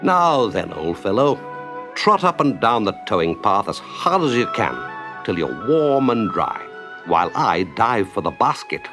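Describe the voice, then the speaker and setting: A man's voice: on the low side, big pitch swings, measured pace, music in the background. A man voicing a kindly, confident male water rat who rows a boat, with a genial, teasing manner, in a storybook reading. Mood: brisk.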